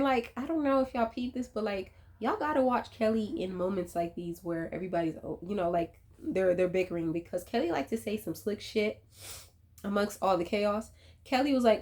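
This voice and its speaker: A woman casually recapping a reality TV episode, animated and profane, with laughing asides. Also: mid-range voice. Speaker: reality TV commentator.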